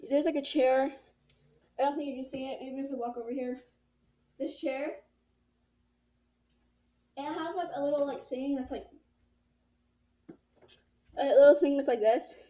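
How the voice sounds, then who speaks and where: A woman's voice: sits high, fairly even intonation, measured pace, long pauses, mellow, dull audio, slight background noise. A teenage girl telling a casual story-time vlog, rambling and saying "like" a lot. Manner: rambling, filled with "like". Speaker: vlogger.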